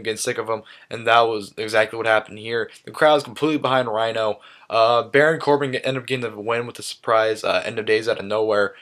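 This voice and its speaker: A man's voice: medium pitch, fairly bright tone. A young man giving a casual, enthusiastic recap in his own words, often saying "awesome" with many fillers and restarts. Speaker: vlogger recapping a live wrestling event.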